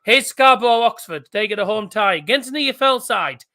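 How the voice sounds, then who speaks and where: Bright-voiced chatty man. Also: high voice, lively intonation, brisk. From England. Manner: chatty, reads out fixtures and answers live chat. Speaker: live stream host. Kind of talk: live draw commentary.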